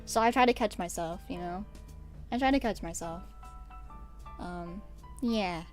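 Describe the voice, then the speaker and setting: A young American woman streamer chats casually while ranking pet peeves, rambling and growing exasperated with bursts of laughter. Her voice is lowish, measured and a little mellow, with soft music playing in the background.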